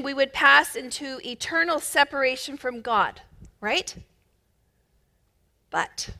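A woman preaching a sermon with emphatic, rising bursts of loudness, she is middle-aged. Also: high voice. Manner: emphatic, builds to loud bursts.

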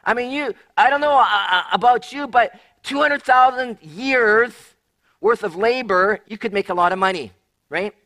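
A male pastor preaching a sermon, animated, often repeating and restarting words and acting out the voices of people in a Bible story. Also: very high-pitched, normal speed.

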